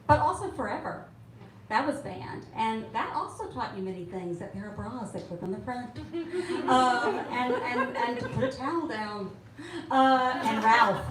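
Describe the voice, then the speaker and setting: A middle-aged woman from Alabama, an author answering audience questions with chatty, laugh-filled stories. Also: a little high. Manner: chatty, laughing often, storytelling. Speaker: author at a book event. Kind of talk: casual Q&A answers. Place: bookstore event room. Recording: roomy room, distant mic, faint hiss.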